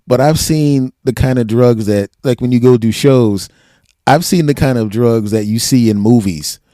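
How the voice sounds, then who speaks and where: A man of middle pitch hosts a comedy podcast in casual chat, cracking jokes through deadpan denials. His voice sounds close and dry, with no room around it. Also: moderate pace, dry recording. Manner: joking, deadpan denials, acts out quotes.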